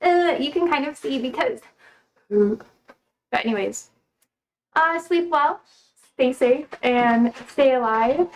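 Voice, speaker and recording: A woman's voice: high voice, takes it slowly, long pauses, slight background noise. A young woman hosting a livestream in casual chat. She rambles, swears and talks bluntly, and she is feeling unwell. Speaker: livestream host.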